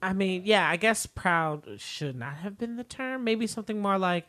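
A woman co-hosting a casual podcast recap, relaxed and agreeable, with joking asides. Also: medium pitch, moderate pace. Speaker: podcast co-host.

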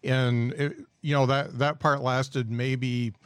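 A man's voice: medium pitch, little pitch movement, takes it slowly, clear, resonant tone, no room sound. A man hosting a casual podcast chat, talking in a reflective way and searching for his words. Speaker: podcast host.

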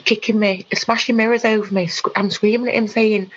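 A woman tells her story in a halting way, stopping and restarting with plenty of ums. Her voice sits at a middling pitch. The recording is somewhat dull and lo-fi. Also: fairly even intonation. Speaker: guest. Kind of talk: personal account in conversation.

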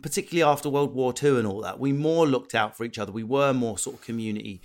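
A man's voice: medium pitch, fast. A man from England with an Essex accent, a comedian and podcast host chatting casually, swearing freely and acting out voices. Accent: Essex English. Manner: animated, swears freely, acts out voices mid-story. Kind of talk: casual chat.

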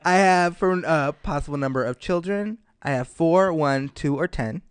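A podcast host asks playful questions and teases the guest. The voice sits at a middle pitch. The recording is dry and close. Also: moderate pace, clean tone, dry recording. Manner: playful, teasing. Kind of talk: casual chat.

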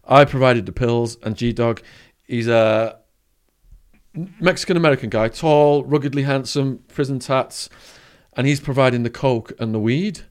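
An English man in an interview, telling a story in vivid detail. He has a middle-pitched voice and acts out quoted lines. The delivery stays lively and conversational. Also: unhurried, smooth. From England. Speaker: podcast guest.

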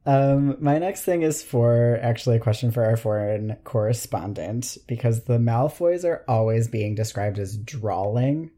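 A podcast co-host with an American accent, mid-pitched, chatting casually. The talk comes across frank and wry, rolling through long, talkative stretches. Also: unhurried, few pauses, mellow. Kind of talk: casual chat.

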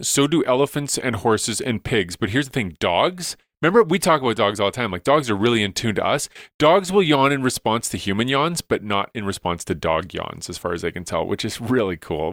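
A man's voice: mid-range voice, fairly bright tone, no room sound, clean studio sound. A man, a science educator, explaining studies enthusiastically in a casual podcast chat, with lots of "like"s and restarts.

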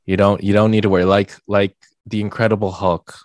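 A young man hosting a podcast in casual chat, rambling with lots of fillers and getting animated when he jokes. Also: lowish voice, brisk, no echo. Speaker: podcast host.

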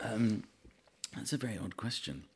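A man's voice: lowish voice, lively intonation, moderate pace, noisy background. A man chatting as a guest, telling rambling, self-deprecating anecdotes with frequent restarts. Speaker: comedian guest. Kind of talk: anecdotal chat.

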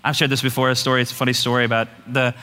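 A middle-aged male pastor preaching a sermon in an animated, folksy way, laughing often. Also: mid-range voice, racing, big-room sound, slight background noise.

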